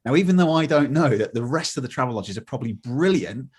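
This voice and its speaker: A man's voice: mid-range voice, animated, quick pace, darkish tone, breathy edge. A middle-aged man, a motivational speaker telling stories in an interview and acting out the dialogue in different voices. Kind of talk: conversational storytelling.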